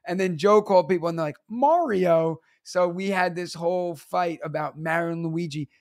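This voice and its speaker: A man's voice: on the high side, no room sound, clean studio sound. A man in his thirties, a teacher and comedian, telling stories casually and acting out other people's lines. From New York. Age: 30s. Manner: animated, acts out other people's lines in quick bursts. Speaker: teacher and stand-up comedian guest. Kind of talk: casual storytelling interview.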